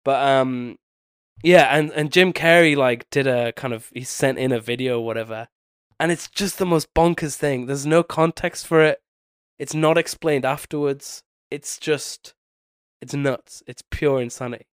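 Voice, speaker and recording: A young man with a blocked, nasally voice, worn down by a cold and a sleepless night. He rambles through a casual podcast chat and loses his thread at times. His voice is smooth and clear, recorded close and dry with no room sound. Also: medium pitch, a little slow, dry recording. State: sick with a bad cold, sleepless. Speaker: podcast co-host.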